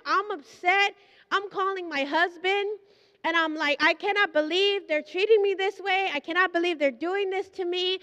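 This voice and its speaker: A woman preaching a sermon at a live conference, telling a personal story in an animated way and acting out the voices in it. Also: very high-pitched. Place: church hall at a conference. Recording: live conference with long hall reverb.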